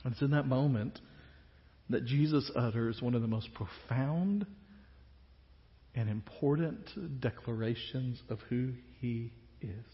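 A male pastor preaching a sermon, animated, acting out the disciples' questions in quick bursts. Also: medium pitch. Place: church sanctuary. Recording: dull sound with long church reverb.

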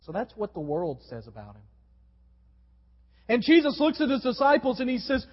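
A man preaching a sermon to his congregation, with wide swings in pitch and volume. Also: wildly swooping pitch, moderate pace, pauses often. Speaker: pastor. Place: church sanctuary. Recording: dull recording in a long-reverb hall.

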